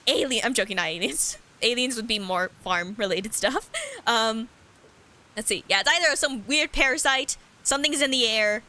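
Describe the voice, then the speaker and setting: A woman's voice: fairly high pitch, normal speed, sharp tone. A woman streamer reading a horror visual novel aloud in different voices, with joking asides. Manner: reads all characters aloud, joking asides. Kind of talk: let's-play reading with commentary.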